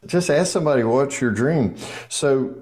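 A man's voice: mid-range voice, moderate pace, darkish tone. A man hosting a podcast interview, reflecting back and encouraging his guest. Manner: affirming, encouraging listener. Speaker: podcast host.

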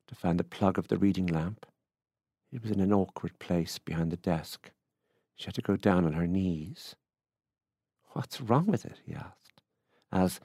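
An Irish man reading a literary short story aloud in a measured, unhurried way. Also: low-pitched, a little mellow, dry recording, clean studio sound. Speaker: reader.

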